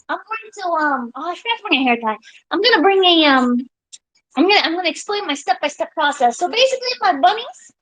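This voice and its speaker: A young woman live streamer chatting casually with her viewers, excitable and giggly, swearing freely. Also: sits high, dry recording, rough recording.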